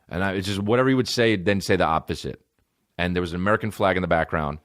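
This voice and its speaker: A man hosting a podcast, telling comedic stories in a profane, animated way and acting out the people he quotes. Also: low-pitched, fast talker. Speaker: podcast host. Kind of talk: comedic storytelling.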